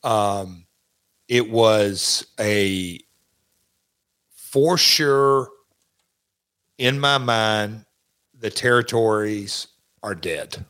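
A man's voice: lowish voice, extremely slow, pauses often, a bit bright, clean tone. A man speaking as an interview guest, talking casually and rambling with many restarts. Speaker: guest recalling his wrestling career.

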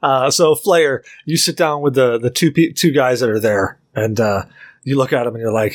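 A man's voice: medium pitch, normal speed. A young man narrating a tabletop game as game master, rambling with lots of fillers and laughter.

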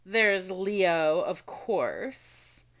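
A woman's voice: fairly low pitch, animated, very slow. A middle-aged woman co-hosting a podcast in casual chat, with dry, blunt, teasing remarks. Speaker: podcast co-host.

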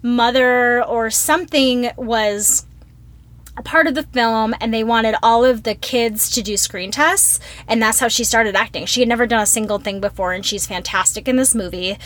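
A woman co-hosting a casual podcast chat, retelling a film with lively acted-out quotes. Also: on the high side, normal speed. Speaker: podcast co-host.

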